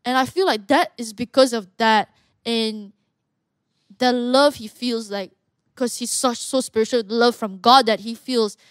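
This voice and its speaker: Brief: young woman, fairly high, earnest podcast guest, dry close sound. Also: fairly even intonation, unhurried, clear, resonant tone, no echo. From Malaysia. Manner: earnest, talkative, with frequent restarts. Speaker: guest, martial arts fighter. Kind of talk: casual podcast conversation.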